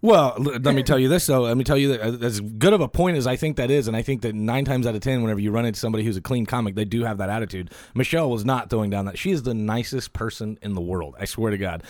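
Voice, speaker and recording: A man hosting a casual podcast, a stand-up comic who rambles with fillers, laughs often and gets excitable. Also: mid-range voice, quick pace, few pauses, no echo, clean studio sound. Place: indoor podcast room. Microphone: studio mic, also on camera.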